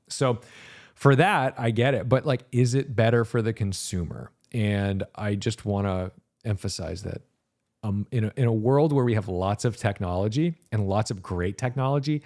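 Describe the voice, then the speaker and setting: A man's voice: on the low side, darkish tone. A man hosting a solo car podcast as a reviewer, talking in a rambling, sarcastic way and now and then slipping into mock quotes. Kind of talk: casual solo podcast monologue.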